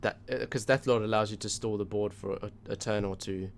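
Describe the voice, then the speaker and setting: A man's voice: on the low side, fairly even intonation, brisk, creaky, a little hiss or hum. A man co-hosting a casual gaming chat, reasoning his choices out aloud. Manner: musing, reasons things out aloud. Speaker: co-host.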